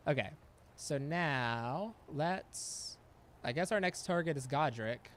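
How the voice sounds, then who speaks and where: A man's voice: fairly high pitch, lively intonation, takes it slowly, fairly bright tone, slight background noise. A man giving casual gameplay commentary, chatty and laughing often, talking back at the game. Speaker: gameplay streamer.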